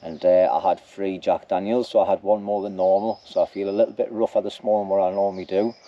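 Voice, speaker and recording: A man's voice: deep voice, flat delivery, fast, muffled recording. A man talking casually to camera at an outdoor camp, rambling and ending lines with "like", with a snotty nose. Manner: chatty, rambling, says "like" at ends. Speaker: bushcraft vlogger.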